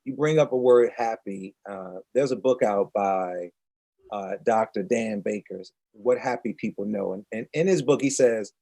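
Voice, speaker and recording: Man, interview host, animated, restarts mid-question, conversational. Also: lowish voice, a little slow, gravelly. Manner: animated, restarts and repeats himself.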